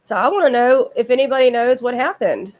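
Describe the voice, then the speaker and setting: A woman's voice: a little high, expressive, fairly quick, highs cut off. A woman, sick with a cold and sniffling, hosting a livestream in casual, blunt, profane chat with her viewers. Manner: blunt, profane, chatty with frequent asides. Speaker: livestream host.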